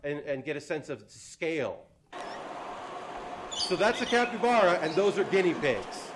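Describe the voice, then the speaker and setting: A fairly high-voiced man hosts a live comedy panel at a convention. He talks in an animated, laughing, self-deprecating way into a stage mic. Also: normal speed, background noise. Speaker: host. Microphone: handheld or stand mic.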